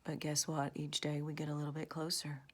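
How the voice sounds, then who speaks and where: Woman, low voice, monotone, earnest, hushed and preachy. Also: brisk. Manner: earnest, preachy, often half-whispered. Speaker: vlogger. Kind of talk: religious warning monologue.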